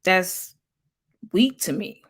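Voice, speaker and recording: A woman's voice: on the low side, animated, drawn-out words, breathy edge. A woman hosting a casual livestream, chatting loosely and reading viewer comments aloud as she talks back to them. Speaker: livestream host.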